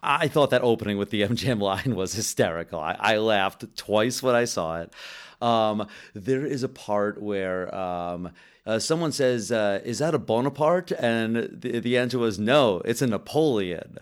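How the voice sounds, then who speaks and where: A young man co-hosting a casual film review podcast, talking in an animated way, swearing casually and stumbling over his words. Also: on the low side, a little slow, smooth. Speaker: podcast co-host.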